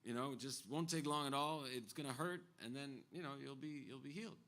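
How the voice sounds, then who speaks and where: A man's voice: mid-range voice, fairly quick, a bit bright, pitched above the performer's own voice, close to an everyday voice. A man voicing a harsh, self-righteous male faith healer who lectures insistently. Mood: reassuring.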